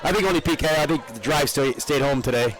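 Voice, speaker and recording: A man's voice: on the high side, fast, fairly bright tone, some chatter behind, poor audio. An older man from upstate New York, co-hosting live parade coverage outdoors, chatty and rambling, with frequent laughs. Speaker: parade co-host.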